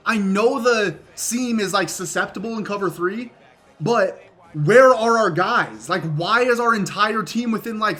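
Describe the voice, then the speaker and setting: Young guy doing play-by-play on his football game, bright voice, gets loud and swears a lot. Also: fairly high pitch. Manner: excitable play-by-play, swearing when frustrated. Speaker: gaming YouTuber. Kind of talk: live gameplay commentary.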